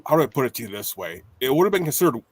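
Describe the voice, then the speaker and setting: A man's voice: mid-range voice, very animated, rapid-fire, no room sound. Blunt man with a dry sound. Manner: blunt, profane asides. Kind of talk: casual chat.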